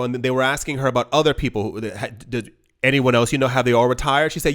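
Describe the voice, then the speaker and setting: A man's voice: mid-range voice, fast, a bit bright. A man hosting an investing channel, talking straight to camera in an emphatic, pleading way, with many restarts as he rambles. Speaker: crypto investing channel host. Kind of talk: casual direct-to-camera monologue.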